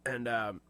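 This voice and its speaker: A man's voice: medium pitch, no echo. A young man co-hosting a podcast, telling a story in casual, profane chat and laughing often. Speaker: podcast co-host.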